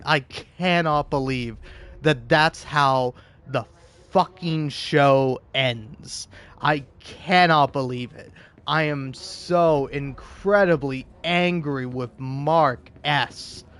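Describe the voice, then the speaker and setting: Male vlogger, rambling emotional rant, slightly high voice, unhurried. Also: a bit bright. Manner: rambling and emotional, many restarts, swears. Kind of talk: casual opinion monologue.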